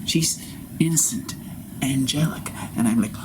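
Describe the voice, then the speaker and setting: A grown man performing an improvised theatrical monologue in character, rambling and swinging between loud bursts and soft whispers. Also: on the high side, animated, moderate pace, noisy background. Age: adult.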